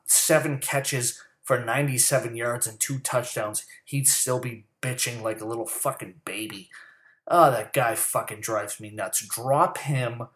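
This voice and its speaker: A man's voice: medium pitch, fairly bright tone, echoey room. A man giving a heated, profane, rambling monologue about sports. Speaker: sports commentary host. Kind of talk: profane casual sports rant.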